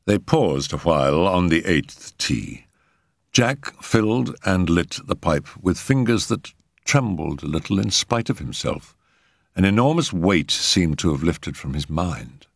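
A man narrating a story in a measured, expressive way. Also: rumbling low, no room sound, clean studio sound. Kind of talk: scripted narration.

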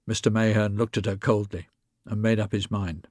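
A man reading a story aloud in a measured, even narration. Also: on the low side, dry recording, clean studio sound. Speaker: reader.

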